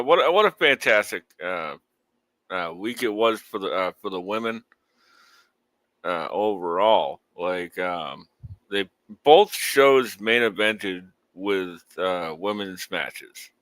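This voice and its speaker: A man co-hosting a wrestling podcast in casual chat, halting with many fillers and then jumping into sudden lively bursts. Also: on the low side, dry recording, low-quality recording. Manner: halting, full of uhs and likes, then lively spikes. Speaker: podcast co-host. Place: home setup on a live stream call.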